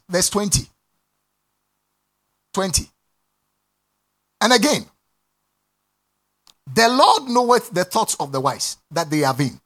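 A man preaching a sermon to a congregation, repeating phrases, laughing and breaking into shouts. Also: high-pitched, very animated, slow, long pauses. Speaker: pastor. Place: church before a congregation.

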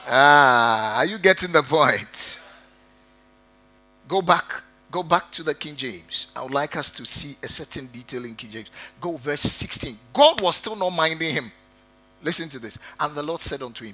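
A man's voice: fairly high pitch, expressive, unhurried, pushed and bright, rough recording. A man preaching a sermon who stresses and repeats key words and speaks straight to his congregation.

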